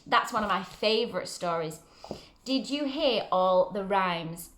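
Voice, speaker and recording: Woman reading a children's story, gentle and encouraging, echoey room. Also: mid-range voice, animated, a little slow, slight background noise. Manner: gentle, encouraging questions to listeners. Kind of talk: reading a picture book aloud to children. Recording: roomy echo.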